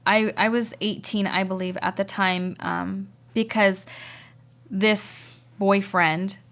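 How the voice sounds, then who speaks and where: A woman speaks as a podcast guest, sharing a personal testimony. Her voice has a gravelly, creaky edge and sits at a middling pitch. She talks haltingly and often repeats words as she works through her memories. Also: steady tone, a bit bright.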